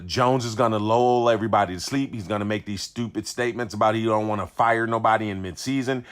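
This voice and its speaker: A sports commentator with a lowish, fairly bright voice launches into an indignant, repetitive rant on video, hammering the same points again and again.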